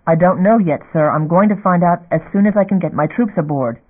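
A man's voice: high-pitched, a little fast. Tough woman starship captain in an audiobook, barking clipped orders, as a man reads her, tinny phone-like sound. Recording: phone-like narrow band.

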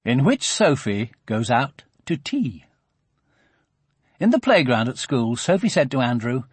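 A man narrating a children's audiobook in a husky, expressive storytelling voice. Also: medium pitch, a little slow, dry recording.

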